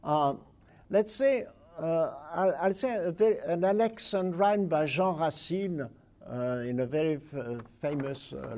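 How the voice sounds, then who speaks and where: A man delivers an academic lecture in English, his high voice mellow and dark in tone. He speaks slowly and haltingly, pausing to search for the right words.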